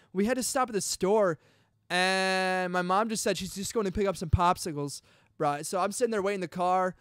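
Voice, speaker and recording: A young man hosting a podcast, excitedly telling a personal story in casual chat, full of dude and bro. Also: high voice, clean tone, dry recording, clean studio sound. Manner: chatty and excitable, peppers talk with dude and bro. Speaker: podcast host.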